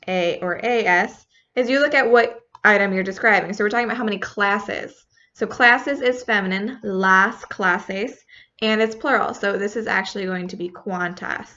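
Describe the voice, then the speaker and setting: A woman's voice: mid-range voice, fairly bright tone. A woman teaching a recorded lesson, casual and patient, spelling words out letter by letter. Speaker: Spanish teacher. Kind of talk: recorded classroom feedback lesson. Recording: slightly dull lo-fi recording.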